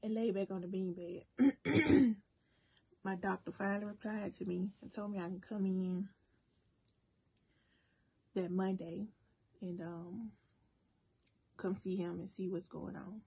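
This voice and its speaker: Woman vlogger, dark mellow voice, very husky, animated casual storytime. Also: mid-range voice, takes it slowly, long pauses. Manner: animated storytelling, talks straight to viewers as y'all. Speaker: cooking and mukbang vlogger. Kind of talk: casual storytime while eating.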